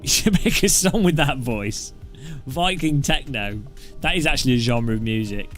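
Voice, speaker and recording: A man's voice: mid-range voice, animated, normal speed, fairly bright tone, soft background music. A man hosting a gaming channel, chatting casually in a rambling, joking way. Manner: rambling and joking, with loose restarts. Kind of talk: casual chat.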